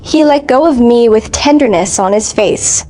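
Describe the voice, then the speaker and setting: A woman narrating a first-person dramatic story in a steady, even reading voice. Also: on the high side, normal speed.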